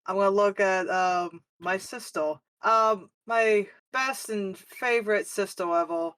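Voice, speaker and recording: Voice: mid-range voice, measured pace, a bit bright, smooth. Wry tabletop game player.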